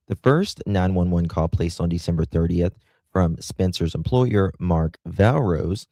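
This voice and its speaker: A man's voice: low-pitched, mellow, no echo. A man hosting a true crime show, reading a news article aloud with frequent fillers, restarts and spelled-out words, adding his own comments. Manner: spells out sensitive words letter by letter.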